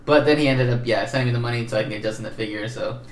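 A man co-hosting a casual podcast chat, telling animated stories, acting out quotes, swearing and laughing often. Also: medium pitch, very fast, reverberant, recorded from a distance, slight background noise. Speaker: podcast co-host. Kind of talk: casual chat about collectibles.

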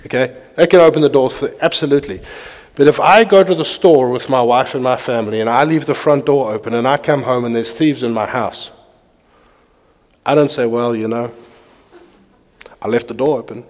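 A man preaching a sermon, reading scripture aloud with animated delivery while pacing. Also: medium pitch, brisk. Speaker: pastor. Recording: long hall reverb.

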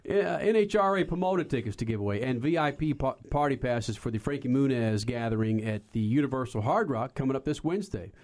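A man's voice: medium pitch, expressive, fast talker, hardly any pauses, a little mellow. Brash male motorsports radio host. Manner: brash, joking, salty. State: stuffed up with a head cold. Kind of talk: motorsports radio talk show.

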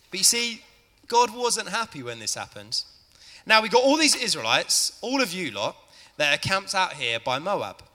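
Lively man telling a Bible story. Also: high voice, long reverb tail. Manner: lively, chatty, addresses the audience. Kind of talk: storytelling to a church family audience. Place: church hall.

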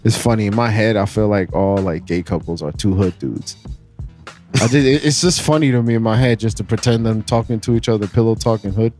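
A man's voice: lowish voice, a little fast, darkish tone, faint music behind. A young man in casual, slangy banter with friends, laid-back and often laughing. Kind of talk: casual chat among friends.

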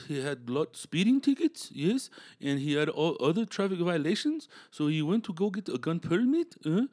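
A man voicing a chatty Finnish man from a bar, speaking in halting, broken English. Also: high-pitched, warm tone, voice pushed up.

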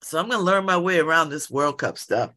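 A middle-aged woman chatting casually at home by an open window, laughing often and breaking into animated asides. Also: low voice, fairly quick. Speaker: vlogger. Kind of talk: casual monologue.

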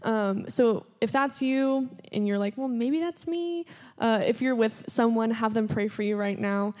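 A woman's voice: a little high, fairly even intonation, normal speed, a little mellow, clear, resonant tone. A woman giving words of knowledge and leading an earnest, emotional prayer with many fillers. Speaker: prayer minister. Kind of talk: spontaneous prophetic prayer.

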